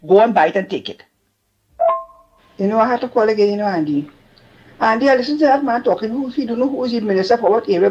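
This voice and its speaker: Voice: mid-range voice, a little mellow. Scolding Trinidadian caller on the phone. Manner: chatty, scolding, rambling. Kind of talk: call-in radio chat. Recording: dull phone line.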